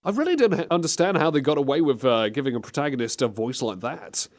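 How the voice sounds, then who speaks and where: Animated, rambling male radio host. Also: medium pitch, fast talker. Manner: animated, rambling, slips into silly mock voices. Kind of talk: comedic radio banter. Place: community radio studio.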